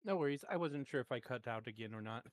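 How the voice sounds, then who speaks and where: A man's voice: mid-range voice, expressive, quick pace, no echo. A man playing in a tabletop game over voice chat, hesitant and full of questions. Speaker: player. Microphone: online voice call.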